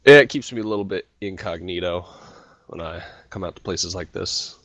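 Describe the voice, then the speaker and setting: A man taking part in a tabletop role-playing game, relaxed and a bit hesitant, with frequent fillers. His voice is low-pitched. The sound is dry and close. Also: moderate pace, no echo. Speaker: player. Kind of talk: casual tabletop role-play.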